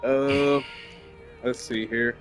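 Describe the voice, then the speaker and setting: A man's voice: mid-range voice, fairly even intonation, very slow. A man playing a game on stream, talking to himself about where to fly. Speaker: co-player on stream. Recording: music playing in the background.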